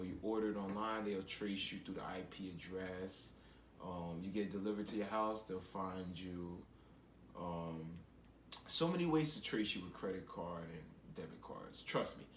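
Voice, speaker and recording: A man's voice: deep voice, a little hiss or hum. Rambling, preachy man in a roomy room. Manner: rambling and preachy, with repeated phrases. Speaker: vlogger. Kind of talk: casual commentary monologue. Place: home, seated in a chair.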